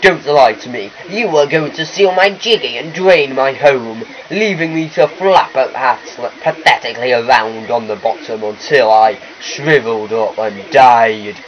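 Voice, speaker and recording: A man's voice: mid-range voice, measured pace, few pauses, slight background noise, close to an everyday voice. Man hamming up a pompous fish lord. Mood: haughty. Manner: haughty, theatrical reading of boss lines. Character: pompous male angler fish boss. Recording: lo-fi capture with faint game music.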